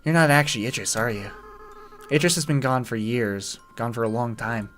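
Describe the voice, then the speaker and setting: Man reads a remorseful young boy monster at middling pitch, faltering and emotional, over faint game music. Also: normal speed, fairly bright tone, close to an everyday voice. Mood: tearful, soft. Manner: reading game dialogue aloud with feeling, voice breaking. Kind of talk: dramatic reading of game dialogue.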